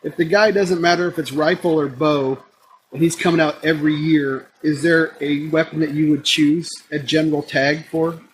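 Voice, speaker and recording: A man's voice: on the high side, steady tone, moderate pace, slight background noise, poor audio. A man hosting a podcast, easygoing as he relays listener questions. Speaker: podcast host. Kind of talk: casual podcast conversation.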